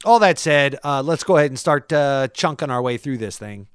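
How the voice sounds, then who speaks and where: A man co-hosting a podcast, chatting casually in a rambling way with many fillers, often trailing off quietly. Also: medium pitch, lively intonation, normal speed, clear, resonant tone, dry recording, clean studio sound. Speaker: podcast co-host. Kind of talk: casual chat.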